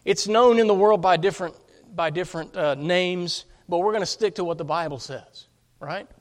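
A man's voice: high voice, moderate pace. A man preaching a sermon as pastor, emphatic, often asking his congregation rhetorical questions.

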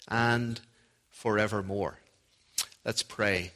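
A man with a Northern Irish accent preaching a sermon, measured and deliberate with a touch of gentle humor. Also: fairly low pitch. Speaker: preacher and Old Testament professor.

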